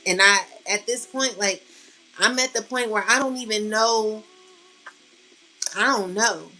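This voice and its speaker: A woman's voice: medium pitch, a little slow, bright, forceful tone, slight background noise, low-quality recording. A woman tarot reader speaking to her viewers in a passionate, blunt monologue, swearing freely and close to tears. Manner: passionate, blunt, swears freely, calls listeners "collective" and "baby". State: near tears. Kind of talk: emotional spiritual monologue to viewers.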